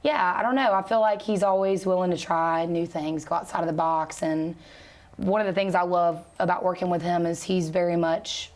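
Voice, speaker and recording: Low-voiced chatty singer woman. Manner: relaxed and chatty, laughs easily, many fillers. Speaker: country singer and guest. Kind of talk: casual interview chat.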